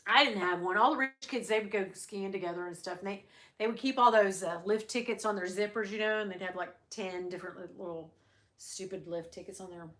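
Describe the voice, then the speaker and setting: A woman's voice: medium pitch, steady tone, a little fast, a bit bright. A middle-aged woman hosting a casual livestream, chatting and rambling with her viewers and laughing often. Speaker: livestream host. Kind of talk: casual chat with live viewers.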